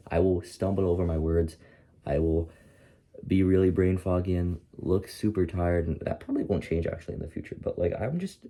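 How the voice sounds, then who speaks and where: A man's voice: low-pitched, dark tone, husky. A man of twenty, a content creator, talking in a casual, profane, rambling way in a motivational vlog while he is groggy and tired. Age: 20s.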